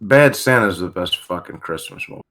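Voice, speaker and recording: Brash low-voiced podcast man. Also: lively intonation, normal speed, fairly bright tone, a little hiss or hum. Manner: brash, swearing. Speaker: podcast co-host. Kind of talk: casual podcast chat.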